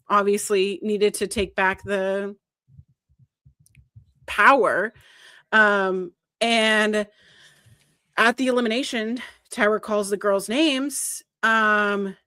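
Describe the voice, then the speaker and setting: A woman co-hosting a podcast, talking in a medium voice and retelling events with animated flair. She acts out quoted lines and gets worked up as she talks. The sound is close and dry, with no room around it. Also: mid-range voice, smooth, dry recording. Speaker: podcast co-host. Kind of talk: casual podcast chat.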